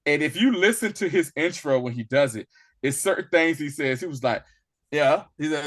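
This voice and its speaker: Animated man reviewing a movie. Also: on the high side, moderate pace. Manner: animated, acts out movie lines in a raised voice. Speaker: podcast co-host. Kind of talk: casual movie review chat.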